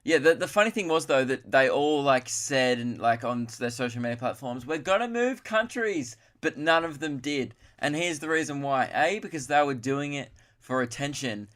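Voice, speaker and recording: A man's voice: mid-range voice, normal speed, hardly any pauses, a bit bright. Young guy riffing solo on his comedy podcast, loose and self-mocking. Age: 20s. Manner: rambling, self-mocking, puts on voices for impressions. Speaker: podcast host.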